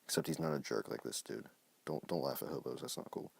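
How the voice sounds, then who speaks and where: A man's voice: extremely low pitch, huge pitch swings, quick pace, gravelly, a little mellow, slightly rough. A man reading his own comic aloud on a phone live stream, breaking off for jokey, self-mocking asides.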